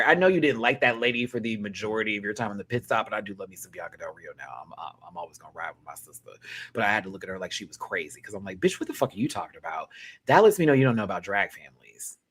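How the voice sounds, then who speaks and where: A young man hosting a live review chat, sassy and animated, laughing and then dropping to quiet asides. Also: mid-range voice, breathy edge. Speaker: host reviewing a reality show live.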